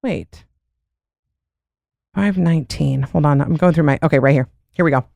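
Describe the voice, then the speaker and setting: A woman's voice: low voice, moderate pace, vocal fry, a little mellow, dry recording. Chatty young woman host, dry close sound. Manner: chatty, rambling, lots of "like" and laughs. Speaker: podcast host. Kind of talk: casual chat.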